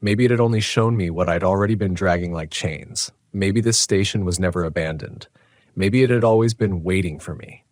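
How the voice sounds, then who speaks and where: A man telling a first-person horror story in a tense, dramatic, measured way. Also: low voice, darkish tone, dry recording, clean studio sound. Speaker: narrator.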